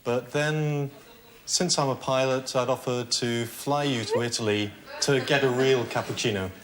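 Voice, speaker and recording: London guy answering calmly, mid pitch. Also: moderate pace, noisy background. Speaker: contestant.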